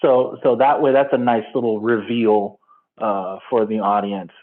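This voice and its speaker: A man's voice: lowish voice, fairly even intonation, a little slow. Rambling male caller on a tinny line. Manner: rambling, jokey, many fillers. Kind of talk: casual phone-in chat.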